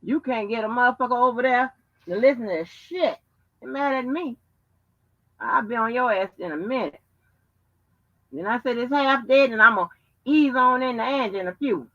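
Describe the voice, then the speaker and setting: A woman's voice: fairly high pitch, lively intonation, moderate pace, pauses often, a bit bright. A woman hosting a live stream, ranting brashly with heavy cursing and taunts at her listeners. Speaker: show host. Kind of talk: profane live-stream rant. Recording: dull lo-fi stream audio.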